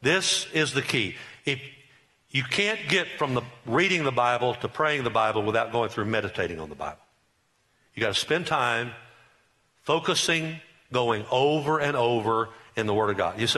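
A man's voice: mid-range voice, animated, normal speed, pushed and bright. A middle-aged man preaching a sermon, emphatic and repetitive, with rising bursts. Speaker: pastor.

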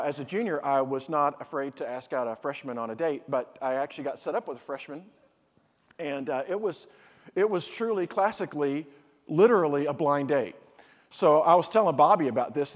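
A middle-aged man preaching a sermon and telling a humorous personal story, acting out the dialogue of each person in it. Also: mid-range voice. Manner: animated storyteller, acts out dialogue. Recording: long hall reverb.

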